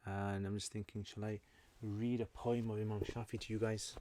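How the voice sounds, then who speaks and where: A man's voice: fairly low pitch, little pitch movement, moderate pace, dark tone, a little hiss or hum. A British man hosting a casual livestream Q&A, chatty and joking, explaining Arabic terms as he reads through viewer comments. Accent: British English. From Britain. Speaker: livestream host answering chat.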